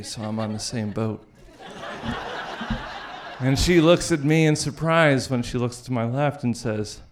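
A man telling a live personal story, wry and lively, laughing through his lines. His voice sits at an ordinary pitch. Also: slight background noise.

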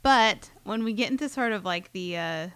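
Woman cohost, deadpan jokey chat, mid pitch, dry close mic. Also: normal speed, smooth, no echo. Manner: deadpan, playful. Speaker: podcast co-host. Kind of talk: casual chat.

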